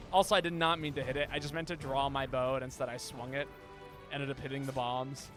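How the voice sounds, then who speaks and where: A man's voice: mid-range voice, flat delivery, normal speed, pauses often, music in the background. A man streaming a video game, chatting casually and playfully, often stumbling over repeated words. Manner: playful, stammering word repeats. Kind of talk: casual live-stream chat while gaming.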